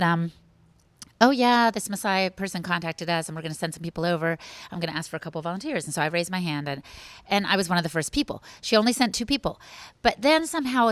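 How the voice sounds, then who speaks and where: A woman guest on a podcast, telling animated, rambling stories with frequent restarts in a casual conversational way. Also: mid-range voice, no room sound.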